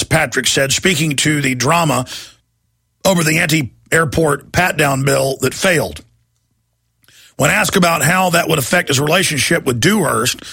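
Gravelly, ranting male talk host. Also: a little high, bright, forceful tone, no room sound, clean studio sound. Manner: combative, sarcastic, ranting. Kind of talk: political talk radio monologue.

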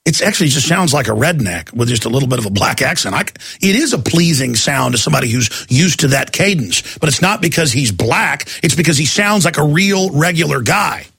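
A man's voice: fairly high pitch, very animated, fairly quick, vocal fry, hardly any pauses, fairly bright tone, slightly rough, no room sound. A man hosting a talk radio show, ranting heatedly and mocking others in put-on voices.

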